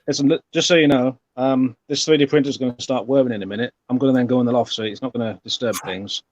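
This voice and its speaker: A man's voice: medium pitch, fairly even intonation, quick pace, dry recording, dull audio. A man chatting casually on a live stream, with offhand mumbled asides.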